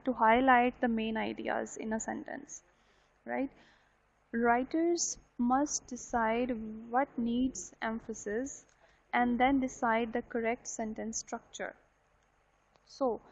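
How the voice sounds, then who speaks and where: Woman lecturing over dull lo-fi audio. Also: a little high. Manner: explains and repeats points, often asks "right?". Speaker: university English lecturer. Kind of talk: live online lecture. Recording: dull lo-fi online session audio.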